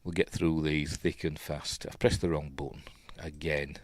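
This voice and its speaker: A man's voice: very deep voice, level tone, normal speed, a little mellow, no echo. A man with a Yorkshire accent hosting a live news stream, rambling and opinionated with muttered asides. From Yorkshire, England. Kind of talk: casual live stream commentary.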